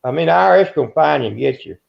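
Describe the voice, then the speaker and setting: Older male interviewee, gruff rambling storyteller, gravelly voice, muffled lo-fi sound. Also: a little high, lively intonation, very fast. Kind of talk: casual storytelling. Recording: dull lo-fi recording.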